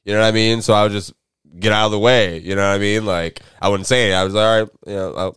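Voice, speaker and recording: A man's voice: lowish voice, steady tone, fast talker, fairly bright tone, smooth, no echo, clean studio sound. A young man from Florida hosting a podcast, talking in a laid-back, slangy way and laughing often. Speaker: podcast host. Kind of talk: casual chat.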